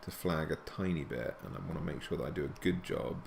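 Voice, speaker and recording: A man hosting a live stream talks casually as he works on a drawing, thinking aloud. His voice sits very low, with a gravelly, fry-laden edge. A faint hiss sits beneath it. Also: fast. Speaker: stream host and illustrator.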